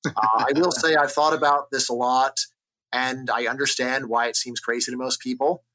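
A man from the United States, an economist, explaining ideas in an energetic, argumentative interview style, often checking in with "right?". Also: medium pitch, a little fast. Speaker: economist guest. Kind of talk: conversational interview.

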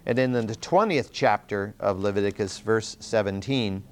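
A man teaching verse by verse through a Bible passage, explaining earnestly and reading Scripture aloud with emphasis, often pausing to correct himself. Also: lowish voice. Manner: self-correcting, with restarts and fillers.

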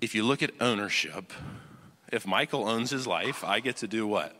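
Pastor guy preaching in a big church hall, bright ringing voice, keeps asking if you follow him. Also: on the low side, animated, moderate pace. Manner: swings from loud emphatic to hushed intense. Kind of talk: sermon. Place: church auditorium. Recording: long reverb of a large hall.

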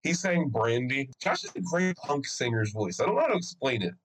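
Recorded in low quality, a podcast co-host with a medium-pitched voice speaks slightly fast. His storytelling is casual and profane, and he animatedly acts out the quotes of the people involved.

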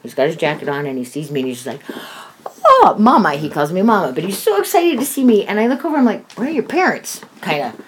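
A woman's voice: sits low, slight background noise. A middle-aged woman and mother, talking about her son in a heated, emotional conversation and swearing freely. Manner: heated, swears freely, acts out others' voices.

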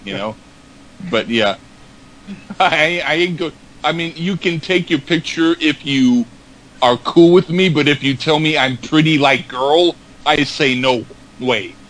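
A man's voice: a little high, a little slow, a bit bright, rough recording. A man in casual chat, rambling through anecdotes with stammered repeats and acted-out quotes.

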